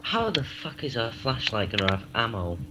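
A man's voice: mid-range voice, sing-song, normal speed, a crowd in the background, rough recording. A young man joins over a voice call, trading teasing, crude jokes. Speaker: guest co-commentator. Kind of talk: casual banter over a voice call.

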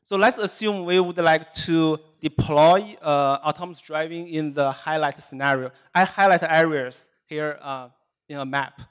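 A man, a software engineer, giving a technical presentation at a meetup, explaining his points in a steady, methodical way. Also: fairly high pitch, moderate pace, clear, resonant tone.

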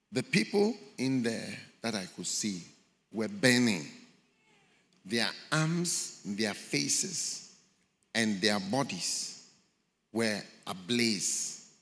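Slow preacher in a reverberant church. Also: male voice, on the low side, vocal fry, fairly bright tone. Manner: dramatic storytelling, acting out the voices in the story. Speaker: pastor. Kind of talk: sermon. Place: large church hall. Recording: long hall reverb in a large church.

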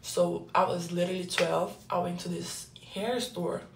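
A young woman from Brazil with a Brazilian Portuguese accent, telling loose, slangy stories in a casual livestream and reading the chat, swinging between loud bursts and low murmurs. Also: flat delivery, normal speed, gravelly, recorded from a distance, noisy background. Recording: echoey room with faint music.

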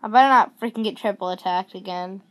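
A woman's voice: medium pitch, fast talker. A woman hosting a horror game let's play, easily startled and exclaiming in fright as she plays. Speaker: gaming video host.

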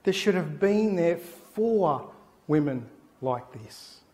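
A middle-aged man, a pastor preaching a sermon and telling an anecdote with animated storytelling. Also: fairly high pitch, slow. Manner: animated storytelling, acting out the people in his anecdote. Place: church.

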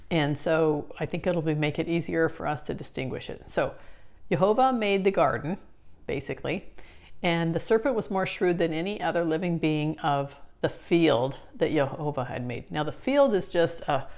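A woman's voice: sits low, a little mellow. A woman explaining scripture in a casual teaching talk, chatty and full of fillers and restarts. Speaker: Bible study teacher.

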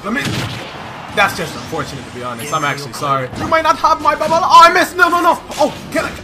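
A young man giving excitable gameplay commentary, loud and trash-talking, often shouting and laughing. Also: extremely high pitch, fast, loud music behind the voice. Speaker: gaming commentator.

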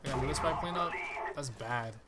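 A man's voice: medium pitch, fairly quick, very noisy. A man giving profane, trash-talking live commentary over a shooter game he is playing. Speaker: gaming channel host.

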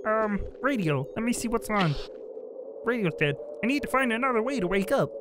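A man's voice: high-pitched, lively intonation, brisk, noisy background, pitched above the performer's own voice. A man doing a nasal Kermit the Frog voice. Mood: nervous. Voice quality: nasal, tight-throated. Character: Kermit the Frog impression, cheerful male frog. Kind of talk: gameplay commentary in character.

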